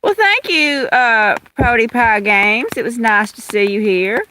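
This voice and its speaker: Slow-talking Louisiana woman, bright voice. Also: on the high side, lively intonation, a little hiss or hum, poor audio. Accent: Louisiana Southern. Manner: chatty, greets viewers by name. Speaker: livestream host. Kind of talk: casual live chat with viewers. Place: outdoors in the rain under an umbrella. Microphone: phone held in hand.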